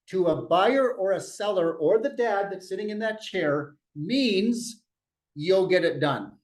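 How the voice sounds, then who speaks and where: A man leading a real estate sales meeting, telling a story in an animated coaching tone and often restarting his phrases. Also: sits high, measured pace. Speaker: real estate team leader.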